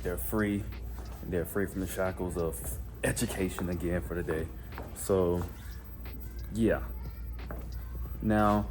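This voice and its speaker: A man who is a schoolteacher talks casually to the camera at school, relaxed and rambling with plenty of fillers. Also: low-pitched. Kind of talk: casual vlog talk to camera. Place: school building, indoors. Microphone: handheld camera. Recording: music playing under the voice. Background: background music.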